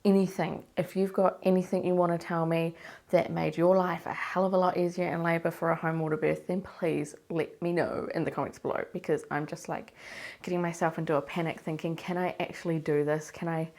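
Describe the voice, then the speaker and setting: A woman's voice: lowish voice, little pitch movement, fairly quick, darkish tone. Anxious woman vlogging with a stuffy cold. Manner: anxious, rambling, self-questioning. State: congested from a cold. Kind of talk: casual diary vlog.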